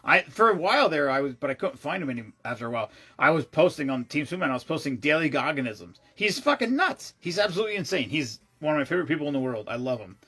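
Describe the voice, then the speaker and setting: A man vlogging, telling a long rambling story in a casual, excitable way, swearing freely and often restarting his sentences. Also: a little high, very fast, hardly any pauses, husky.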